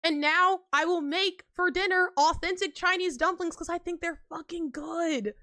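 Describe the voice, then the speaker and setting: A young woman chatting casually on a live stream, animated and slangy, laughing often between lines. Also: very high voice, moderate pace, no echo, clean studio sound.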